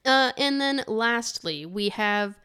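A woman's voice: fairly high pitch, animated, slow, sharp tone, clean tone. A woman co-hosting a true crime podcast in casual chat, joking and laughing often. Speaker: podcast co-host.

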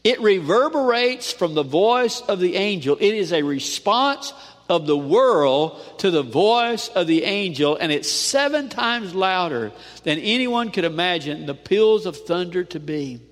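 High-voiced preacher man in a reverberant hall. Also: expressive, a little slow. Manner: preachy call-and-response with frequent "amen?"; dramatic swings between loud and hushed. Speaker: pastor. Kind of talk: sermon.

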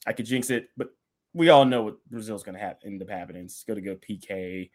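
A man's voice: lowish voice, a little fast, a little mellow. Playful man joking on a podcast. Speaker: podcast co-host. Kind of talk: casual sports chat.

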